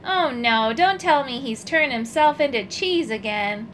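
A woman's voice: sits high, animated, a little slow, slight background noise. A woman voicing a tiny, impatient male elf who makes demands in a storybook reading. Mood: insistent. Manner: demanding, shouting up.

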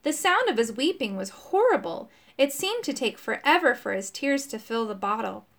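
A woman narrating a children's chapter book aloud, expressive and voicing the characters. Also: fairly high pitch, normal speed. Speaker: audiobook narrator. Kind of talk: children's audiobook reading.

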